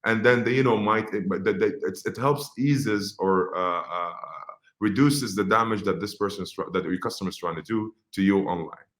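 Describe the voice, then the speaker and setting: A man's voice: lowish voice, normal speed, fairly bright tone. Egyptian man giving a casual webinar talk. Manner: conversational, frequent fillers and restarts, acts out customer quotes. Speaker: webinar speaker on social media marketing.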